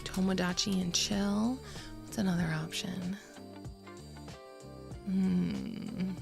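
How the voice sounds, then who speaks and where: A woman's voice: mid-range voice, level tone, slow pace, vocal fry, over music. A woman streamer chatting playfully with her live chat from a home setup, giggling and joking.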